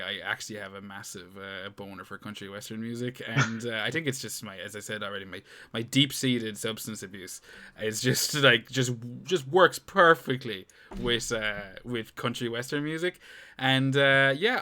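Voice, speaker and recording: A man's voice: medium pitch, normal speed, pushed and bright. A young man co-hosting a podcast, rambling, joking and swearing in casual banter. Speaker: podcast co-host.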